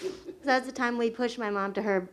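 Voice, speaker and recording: Woman, storytelling, group discussion, laughs often, slightly high voice. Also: steady tone, brisk. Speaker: group participant telling a childhood story.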